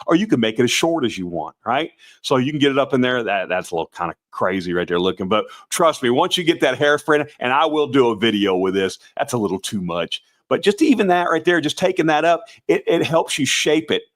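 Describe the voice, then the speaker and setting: A middle-aged man with a slightly raspy voice chats casually to viewers on a live stream. He rambles in a folksy way, restarts his sentences and keeps calling people "brother" and "guys". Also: medium pitch. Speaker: host of a Santa performer show.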